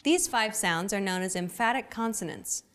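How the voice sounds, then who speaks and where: A young adult woman hosting a language lesson, with clear, upbeat, teacherly scripted narration. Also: medium pitch, moderate pace, fairly bright tone.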